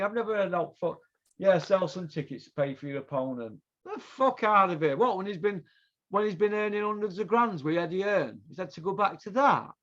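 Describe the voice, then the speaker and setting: A man's voice: high voice, sharp tone. A man hosting his own show, ranting angrily and swearing heavily about boxing. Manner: profane, heated, repetitive ranting. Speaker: podcast host. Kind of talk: angry ranting commentary. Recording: dull lo-fi sound.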